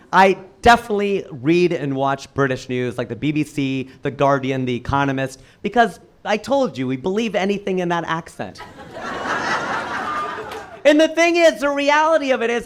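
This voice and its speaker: A man performing a stand-up comedy set, with animated punchline delivery and acted-out quoted voices. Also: on the high side. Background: audience laughter.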